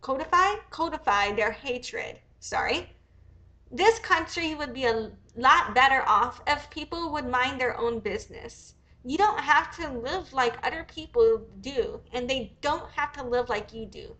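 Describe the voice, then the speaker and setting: A woman's voice: sits high, lively intonation, measured pace, pushed and bright. A young American woman hosting a casual livestream, a bit sick, rambling and swearing as she thinks aloud. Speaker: livestream host.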